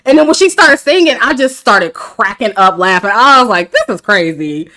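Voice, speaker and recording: A woman's voice: fairly high pitch, animated, moderate pace, bright, forceful tone. A woman, talking casually to her chat about a dating show, candid and laughing often. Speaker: reality TV commentator. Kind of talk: casual review livestream.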